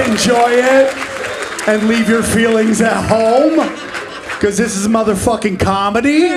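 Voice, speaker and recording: A man in his forties works a live stand-up set with a brash, profane delivery, jumping into quick character bits. His voice sits high for a man. A handheld stage mic catches him over a faint hum of room noise. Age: 40s. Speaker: stand-up comedian. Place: live comedy club stage.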